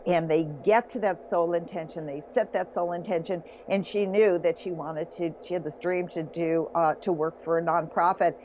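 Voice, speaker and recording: Here a self-help author, interviewed in a casual chat, tells success stories with enthusiasm. She speaks at a moderate pace with few pauses, her fairly low, slightly mellow voice keeping a fairly even intonation. Slightly dull lo-fi audio adds a little hiss or hum.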